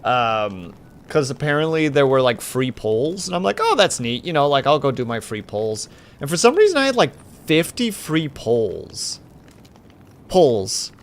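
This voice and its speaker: Gravelly-voiced man chatting on stream. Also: mid-range voice, very animated, unhurried. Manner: chatty, jumps between game and chat replies. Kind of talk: casual gaming stream chat.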